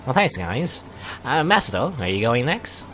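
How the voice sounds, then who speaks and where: A male let's-player puts on a shy teenage girl with a nasal, squeaky-high voice that bounces around a lot. She sounds like a timid visual novel heroine. Faint music plays underneath. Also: big pitch swings, normal speed, fairly bright tone. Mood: cheerful. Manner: high-pitched and sing-song.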